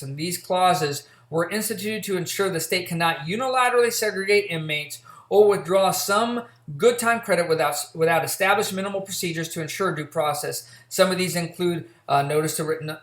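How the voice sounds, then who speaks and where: A man's voice: a little high, a bit bright. Echoey casual male college lecturer. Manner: casual, storytelling, frequent fillers and restarts. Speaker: college instructor. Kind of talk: recorded lecture with a personal anecdote. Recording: echoey room.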